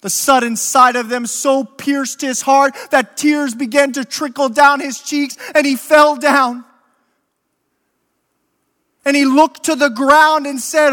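A man preaching a sermon as a story, slow and deliberate, rising to impassioned emphasis. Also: very high voice, steady tone, fairly bright tone, faint music behind. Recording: long hall reverb.

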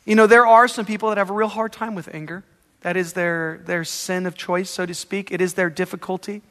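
A male pastor delivers a sermon with a high, bright voice, emphatic and conversational, with everyday examples acted out along the way. His voice carries a long reverb, as in a church sanctuary.

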